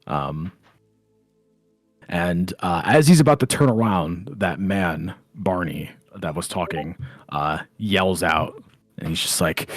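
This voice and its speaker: Man, game master narrating a tabletop game, halting, low voice, husky. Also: animated, no echo, studio quality, soft background music. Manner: halting, filler-heavy narration.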